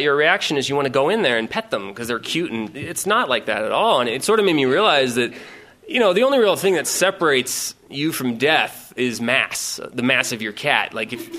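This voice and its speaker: A man spins a rambling comic anecdote, swearing freely and getting worked up as he goes. His voice is bright and edgy, sitting a little high for a man. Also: brisk. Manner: profane, rambling, animated retelling. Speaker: storyteller. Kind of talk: casual comic storytelling.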